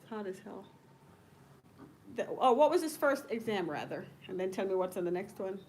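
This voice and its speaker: A woman's voice: mid-range voice, animated, normal speed, darkish tone, a little hiss or hum. A woman nursing professor talking casually on camera, chatty and digressive, often breaking into laughter.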